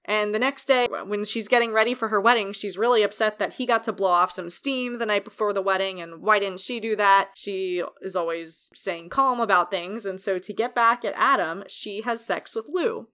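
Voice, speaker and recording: A woman's voice: mid-range voice, normal speed, hardly any pauses, bright, forceful tone, smooth. A woman hosting a casual film-review podcast who recaps the plot step by step. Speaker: podcast host.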